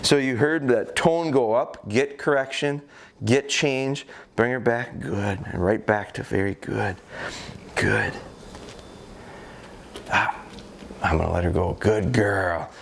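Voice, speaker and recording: A middle-aged American man with a fairly low voice talks through a dog training session in a calm, explanatory way. He often pauses with fillers as he thinks, and faint noise sits behind him. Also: vocal fry. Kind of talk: instructional talk during a training session.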